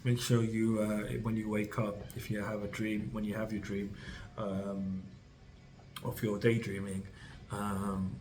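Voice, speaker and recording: Low, flat-voiced man giving a tarot reading. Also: measured pace, low-quality recording. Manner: rambling, full of fillers and restarts; reassuring, speaks directly to the listener. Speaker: tarot reader.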